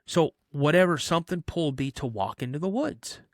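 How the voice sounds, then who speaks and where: Animated storyteller man, higher-pitched voice. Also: fairly quick, no room sound, studio quality. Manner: animated, acts out voices in his stories; chatty, many "you know" fillers. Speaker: podcast guest. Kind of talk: casual storytelling.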